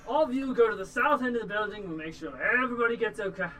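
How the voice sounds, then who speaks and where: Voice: medium pitch, lively intonation, fast talker, a bit bright, slight background noise, close to an everyday voice, rough recording. A game master voicing a blunt, crude male dwarf boss who trades in deals and labor. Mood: gruff.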